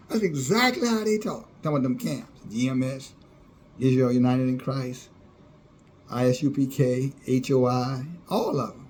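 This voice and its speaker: A man's voice: medium pitch, unhurried, long pauses, darkish tone, a little hiss or hum. A man preaching a fiery sermon, scornful and sarcastic, often laughing at those he criticizes.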